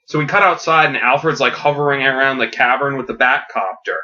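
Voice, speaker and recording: A man on a podcast retelling a comic story as a comedic pitch, animated and laughing at his own jokes, with quick character voices. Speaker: podcast host. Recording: dull lo-fi audio.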